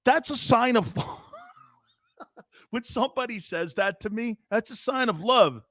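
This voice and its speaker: Male sports talk host, swooping high voice, rowdy storyteller. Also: a little slow, dry recording, clean studio sound. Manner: animated storyteller, laughs often, curses. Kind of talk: casual sports radio chat.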